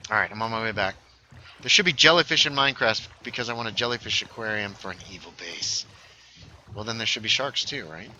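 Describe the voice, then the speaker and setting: A man chatting casually with a friend while playing a video game, easygoing and quick to laugh. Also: on the low side, pushed and bright, a little hiss or hum. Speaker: streamer playing Minecraft with a friend. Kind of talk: casual gameplay chat.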